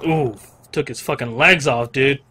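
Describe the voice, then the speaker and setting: A man giving excited commentary over shooter gameplay, swearing, whooping and muttering to himself to calm down. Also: medium pitch, a little slow, slight background noise. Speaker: gaming commentator. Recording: loud game gunfire under the voice. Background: gunfire and explosions from the game.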